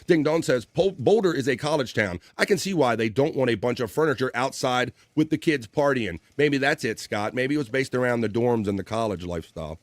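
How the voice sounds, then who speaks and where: A man hosting a relaxed livestream talk show, reading viewer comments aloud and riffing on them. He laughs often and swears casually. His voice sits mid-range, recorded close and dry with no room sound. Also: medium pitch, brisk, few pauses, dry recording. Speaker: livestream host.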